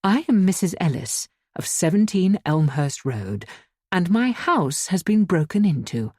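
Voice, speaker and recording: A woman voicing a frightened, indignant older woman who pleads urgently in low whispers and sudden cries. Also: sing-song, measured pace, dark tone, husky, no room sound, studio quality, heavily acted.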